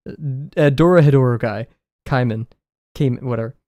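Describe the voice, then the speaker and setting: A man's voice: mid-range voice, a little fast, dark tone, dry recording, clean studio sound. Rambling man chatting on a drawing stream. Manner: rambling, self-deprecating, chatty. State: slightly scratchy voice. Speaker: art livestreamer. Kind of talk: casual live-stream chat while drawing. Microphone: desk mic, no camera.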